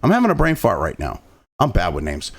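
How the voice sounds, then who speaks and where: A man's voice: low voice, wildly swooping pitch, fairly quick, gravelly, breathy edge. A man from New England ranting angrily about politics, swearing constantly and dripping with sarcasm. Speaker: political commentary host. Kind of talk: profane political rant.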